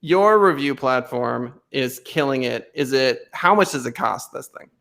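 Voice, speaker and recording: A man's voice: mid-range voice, lively intonation, a little slow, vocal fry, a bit bright. A man from North Dakota hosting a casual podcast, talking in a joking, blunt, playful way. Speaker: podcast host.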